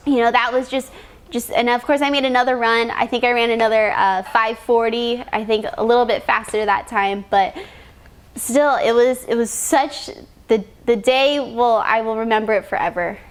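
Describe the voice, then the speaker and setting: A young woman, a drag racing driver, telling an excited story in an interview, laughing often and restarting her sentences. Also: on the high side, normal speed.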